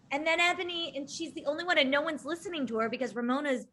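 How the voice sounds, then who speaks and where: A woman's voice: sits high, brisk, hardly any pauses, a bit bright. A woman co-hosting a casual podcast chat, talking in an emphatic, indignant way. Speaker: podcast co-host.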